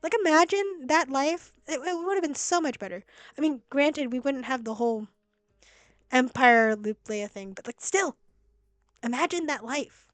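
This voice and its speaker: Young woman streaming a game, high voice, chatty and excitable, dry close mic. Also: moderate pace, dry recording. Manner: chatty, excitable, reads lines aloud. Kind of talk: casual game-stream commentary. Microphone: laptop mic.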